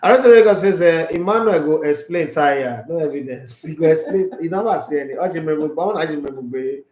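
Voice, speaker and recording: An animated man with a Nigerian accent chats through a casual sports live stream, reading viewer comments aloud and teasing them. His voice sits a little high for a man, and the room adds a clear echo. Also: quick pace. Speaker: sports channel host.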